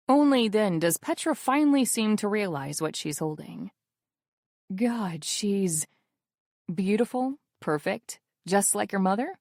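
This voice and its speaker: Woman reading a romance audiobook, wry and intimate, slow, dry booth sound. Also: medium pitch, lively intonation, darkish tone, no room sound. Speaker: audiobook narrator. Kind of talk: first-person romance audiobook narration.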